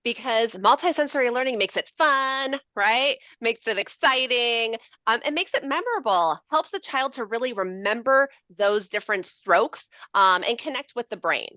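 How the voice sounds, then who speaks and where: Animated high-voiced woman teaching. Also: moderate pace, few pauses, dry recording, lo-fi sound. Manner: animated, playful, asks questions. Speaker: literacy educator. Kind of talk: lively teaching demonstration. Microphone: video call.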